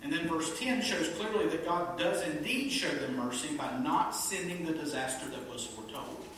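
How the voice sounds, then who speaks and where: Bright-voiced preacher in an echoing church. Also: medium pitch, normal speed. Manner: emphatic, rhetorical questions, playful asides. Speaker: pastor. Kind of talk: sermon. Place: small church congregation. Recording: very echoey room, distant mic, faint noise.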